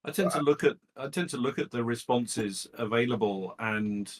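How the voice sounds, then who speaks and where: A man's voice: medium pitch, normal speed. A man, a voice actor guest, joking with dry humour in a casual stream chat.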